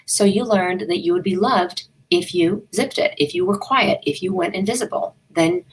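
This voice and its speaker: A woman's voice: medium pitch, moderate pace, rough recording. A woman business coach, a guest in a live online interview, speaking earnestly and emphatically. She repeats phrases for effect and tells candid, self-deprecating stories.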